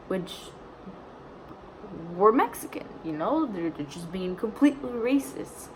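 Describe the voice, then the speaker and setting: A woman's voice: mid-range voice, very animated, measured pace, slight background noise, low-quality recording. A young woman vlogger casually retelling a story, chatty and indignant, full of "like"s.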